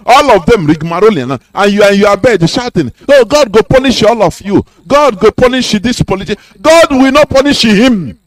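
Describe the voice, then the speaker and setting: A man's voice: fairly high pitch, no echo. A man giving an impassioned, preachy radio talk full of rhetorical questions. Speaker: radio host.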